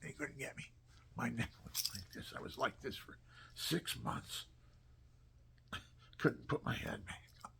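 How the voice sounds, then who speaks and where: A man telling personal stories in a casual, animated way, often dropping to a near whisper. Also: mid-range voice, measured pace, vocal fry, long pauses. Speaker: storyteller.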